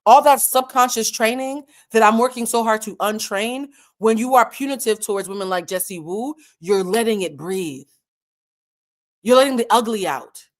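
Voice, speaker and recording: Impassioned woman lecturing her audience. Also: a little high. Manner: impassioned, lecturing, asks pointed rhetorical questions. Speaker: commentary channel host. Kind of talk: direct-to-camera commentary rant.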